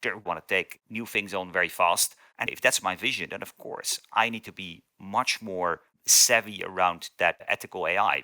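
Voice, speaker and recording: A man's voice: sits low, bright, forceful tone, no echo. A man, a consulting partner, giving a business interview and laying out steps one by one. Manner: structured, lists steps methodically.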